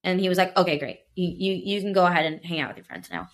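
Woman guest, lower voice, lively storyteller who acts out quotes. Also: rapid-fire. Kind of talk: casual storytelling chat.

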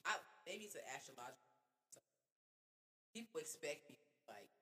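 A woman chatting on a podcast, an animated storyteller who acts out quotes, with a husky voice. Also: low voice, brisk, big-room sound. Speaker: podcast guest. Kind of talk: casual podcast chat.

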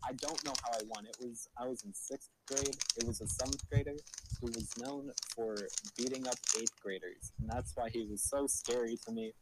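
A man's voice: mid-range voice, steady tone, normal speed, heavy background noise. A young man with a slight Spanish-tinged English accent, co-hosting a podcast and telling stories in a loose, rambling way full of "like" and fillers. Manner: rambling, heavy use of "like" and fillers. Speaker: podcast co-host. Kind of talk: casual chat storytelling.

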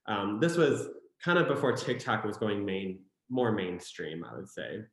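This is a young man with a Michigan accent, chatting loosely as a podcast guest with plenty of fillers. His voice sits a little low. The room around him rings with echo. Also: lively intonation, a little slow, fairly bright tone. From Michigan, USA. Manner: chatty storyteller, many fillers. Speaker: guest, content creator. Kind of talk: casual interview chat. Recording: echoey room.

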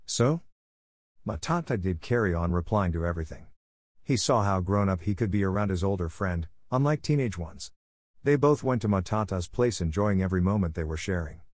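Male storyteller, lowish voice, dry close sound, measured halting read. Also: expressive, a little mellow, dry recording. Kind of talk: reading a story aloud.

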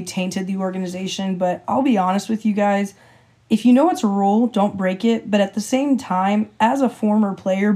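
Mellow-voiced woman telling lively stories. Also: mid-range voice. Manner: animated storyteller, acts out quotes with a lifted voice. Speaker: podcast co-host. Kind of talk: casual storytelling chat.

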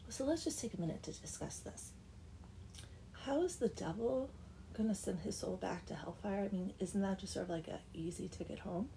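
A woman's voice: medium pitch, animated, moderate pace, gravelly, warm tone, a little hiss or hum. Chatty woman retelling a tale wryly. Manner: chatty, wry asides, drops into whispers. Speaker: storyteller. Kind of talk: casual comic story retelling.

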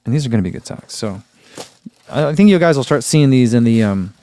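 A man's voice: mid-range voice, expressive, a little fast, dark tone, no echo. Chatty man musing over running socks. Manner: chatty and musing, many fillers, reads comments aloud. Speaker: running gear reviewer reading viewer comments. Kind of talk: casual live unboxing chat.

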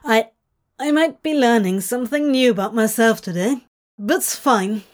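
A woman doing an awkward, squeaky male demon. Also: measured pace, natural voice.

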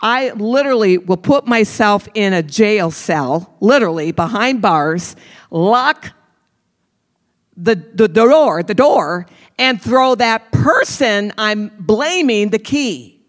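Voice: medium pitch, animated, slow pace, long reverb tail. A preacher giving a sermon, emphatic, repeating phrases and calling on the listeners directly.

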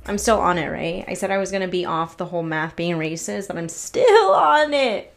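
A woman hosts her own solo podcast, ranting in a casual, exasperated way, swearing freely and restarting her sentences. Her voice is lowish and animated, with vocal fry, at a normal speed.

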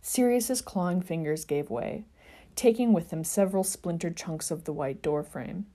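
A woman's voice: lowish voice, moderate pace, dark tone. A woman podcast host reading fan fiction aloud and chatting with wry, dry asides. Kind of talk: narrated fan fiction reading and casual chat.

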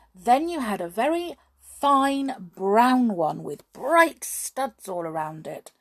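A woman's voice: a little high, full character voice. A woman voicing a dog's mistress scolding him in exasperation.

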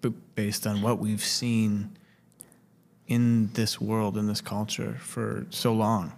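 A man co-hosting a podcast, reflecting in a halting, searching way and repeating himself as he looks for words. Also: lowish voice, flat delivery, gravelly, darkish tone. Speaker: podcast co-host. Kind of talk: reflective personal talk.

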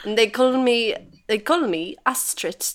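A woman voicing a brash female Viking warrior ghost in a put-on mock Swedish accent, boastful and slow. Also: fairly high pitch, animated. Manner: boastful, slow, breaking character.

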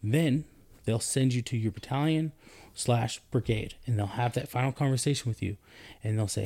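A man in his thirties chatting on a podcast about army life. He tells his story with animation, and his pitch jumps when he turns indignant. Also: normal speed, darkish tone. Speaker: podcast co-host, army soldier. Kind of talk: casual podcast chat.

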